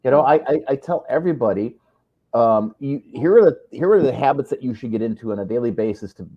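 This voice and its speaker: A man's voice: medium pitch, highs cut off. A man hosting a live video chat, talking in an earnest, motivational way and often checking in with "right?". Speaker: live show host. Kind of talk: casual live-stream chat.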